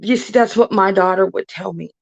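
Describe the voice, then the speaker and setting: A woman in her thirties telling stories from her childhood on a casual livestream, talking in halting bursts with many restarts and repeated phrases. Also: medium pitch, creaky. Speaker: live streamer.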